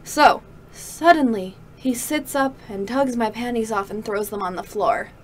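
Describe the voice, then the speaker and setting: A woman's voice: a little high, measured pace, a little hiss or hum. A young woman co-hosting a casual chat, teasing and wry. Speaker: co-host.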